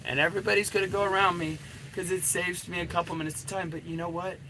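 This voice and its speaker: A man's voice: high voice, fairly even intonation, quick pace, background noise. A middle-aged man, a dating coach, giving a blunt, profanity-laden and rambling coaching rant.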